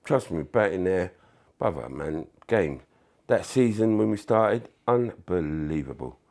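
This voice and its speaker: Gravelly low-voiced London man, animated storyteller. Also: measured pace. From England. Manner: animated anecdotes with loud bursts, acted-out quotes and swearing. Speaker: podcast guest, former footballer. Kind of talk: casual storytelling.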